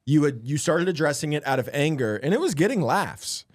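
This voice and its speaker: Laughing storyteller guy, animated. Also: a little high, fairly quick, no room sound, studio quality. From Florida. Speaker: stand-up comedian and podcast co-host. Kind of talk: casual podcast chat.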